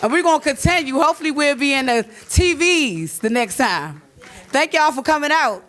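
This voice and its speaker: A woman's voice: high voice, expressive, moderate pace, background noise. A woman speaking plainly and earnestly to a live audience about the plays. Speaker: panelist and stage performer. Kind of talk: casual speech to a live audience.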